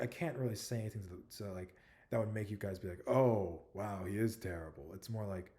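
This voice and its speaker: A young man telling his life story to his viewers in a halting, rambling way, full of "like" and "you know", soft-spoken and self-conscious. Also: lowish voice. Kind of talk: casual personal storytelling to camera.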